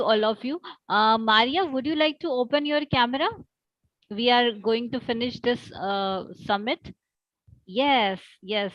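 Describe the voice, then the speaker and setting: A woman's voice: on the high side, a bit bright, no room sound. A woman moderating an online summit, calling each guest "dear" and inviting them to speak. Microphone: video call. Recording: dry, dull video-call audio.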